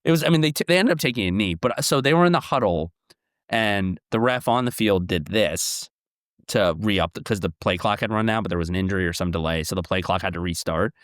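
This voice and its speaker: A young man chats casually about sports on a podcast, with an excitable delivery that spikes into loud, animated bursts. His voice sits fairly low. The close mic sounds dry, with no room at all. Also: quick pace, clean tone, dry recording. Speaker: podcast co-host.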